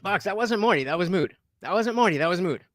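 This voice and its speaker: Hyped, lively male streamer. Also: sits high, fast. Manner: hyped, shouty, profane, swings to mumbling asides. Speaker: live streamer. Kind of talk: casual live-stream chat.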